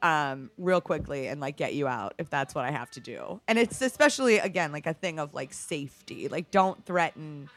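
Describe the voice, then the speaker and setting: This bartender guest, a middle-aged woman, talks at a normal speed with few pauses, her low voice full of lively intonation. She's frank and foul-mouthed as she recounts job stories in a relaxed interview, leaning hard on "like".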